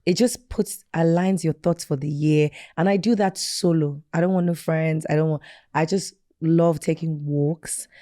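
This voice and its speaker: A woman in her thirties, a guest in a casual chat, telling stories in an animated, emphatic way. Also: deep voice, normal speed, dry recording, studio quality. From Nigeria.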